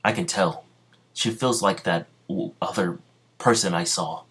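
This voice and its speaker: An arrogant, menacing ninja warlord, as a man puts him on in a homemade spoken fan story. He talks bluntly in commands and threats, in a fairly low male voice. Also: a little slow, fairly bright tone, breathy edge, full character voice. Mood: threatening.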